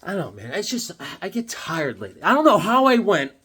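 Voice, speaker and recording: A man's voice: sits high, wildly swooping pitch, fast talker, bright, forceful tone, slightly rough. A man in his fifties talking casually about comic books, rambling and joking with lots of filler words. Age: 50s. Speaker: comic book vlogger. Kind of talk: casual comic review vlog.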